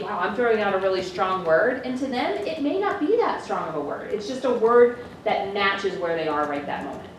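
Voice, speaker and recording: A woman co-teaches a coaching class, laying out ideas step by step and thinking aloud. Her voice sits at an ordinary pitch. It comes from far away in a very echoey room with faint noise underneath. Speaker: co-facilitator. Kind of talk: classroom instruction.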